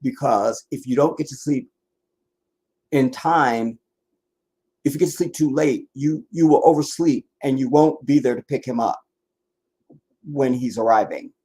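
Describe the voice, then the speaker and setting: Worn out and tired, a Washington DC–area man hosts a livestream, rambling casually with many restarts and asides. His mid-range voice is mellow with a breathy edge, and he talks at a measured pace, pausing often.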